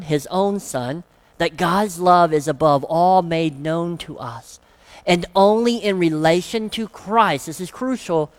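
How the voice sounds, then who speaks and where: Slow, emphatic preacher. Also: medium pitch. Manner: emphatic, with rhetorical questions. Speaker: pastor. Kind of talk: sermon.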